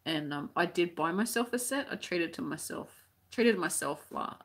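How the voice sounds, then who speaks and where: A woman's voice: on the low side, expressive, moderate pace, husky. An Australian woman who teaches crochet, chatting casually on a live stream as she reads out viewer comments, rambling with many restarts.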